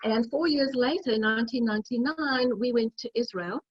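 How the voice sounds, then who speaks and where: A woman's voice: fairly high pitch, a little fast, slightly rough, dry recording. A middle-aged woman hosting a casual cooking demo over a video call, chatty and telling stories as she cooks. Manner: chatty, storytelling. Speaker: cooking demonstrator. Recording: dull lo-fi video call audio.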